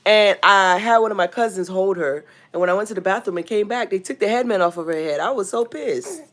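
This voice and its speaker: A woman's voice: mid-range voice, fairly quick, a bit bright. A young woman from Nigeria with a Nigerian accent, chatting casually on a home livestream and greeting viewers by name. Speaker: livestream host.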